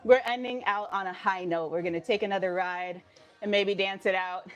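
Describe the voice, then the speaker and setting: A woman's voice: medium pitch, steady tone, normal speed. Chatty, upbeat woman streamer. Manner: upbeat, chatty, laughs often, greets viewers by name. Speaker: live-stream fitness instructor. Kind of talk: casual live-stream chat. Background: faint music.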